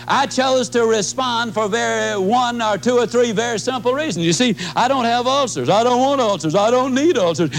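A man in his fifties giving a motivational talk, emphatic and folksy, acting out his own reactions. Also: poor audio. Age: 50s. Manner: emphatic, folksy, swings pitch to act out reactions. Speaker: motivational speaker. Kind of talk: motivational talk with acted-out anecdotes.

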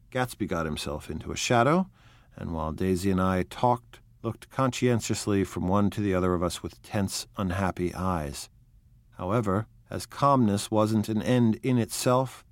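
A man narrating an audiobook in a measured, even, unhurried reading. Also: lowish voice, no echo. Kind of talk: scripted narration.

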